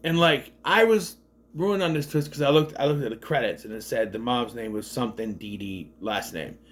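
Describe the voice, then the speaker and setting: A man casually retelling and reviewing a movie in a rambling, animated way with lots of fillers. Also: mid-range voice, normal speed. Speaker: video reviewer.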